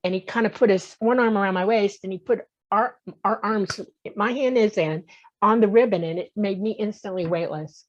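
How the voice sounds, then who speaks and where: Her voice mid-range and her pace normal, a woman in her sixties tells a personal story as a talk show guest. She acts out voices and repeatedly checks in with "okay?", all in muffled lo-fi audio.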